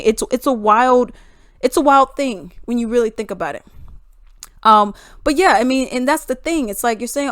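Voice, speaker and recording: A woman's voice: a little high, fairly bright tone, no echo, clean studio sound. A young adult woman vlogging an opinionated monologue, emphatic and full of rhetorical questions.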